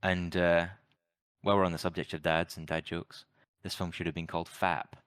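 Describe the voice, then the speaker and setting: A man's voice: deep voice, flat delivery, moderate pace, a bit bright, clean tone, dry recording. A man co-hosting a podcast, giving wry, opinionated film opinions with dry sarcastic jokes. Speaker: podcast co-host. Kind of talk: casual film review chat.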